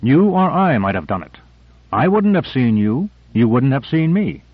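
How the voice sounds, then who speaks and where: A man's voice: mid-range voice, big pitch swings, normal speed, slightly rough, no echo, voice pushed up. A man voicing a tense, suspicious male agent who answers tersely. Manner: terse and defensive. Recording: dry narrow phone-like audio.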